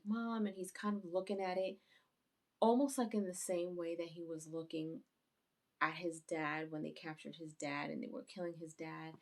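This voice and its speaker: A woman with a lowish, gravelly voice recaps an anime episode for her channel. She rambles casually through the scenes and gets animated as she retells the action. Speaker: YouTube anime reviewer.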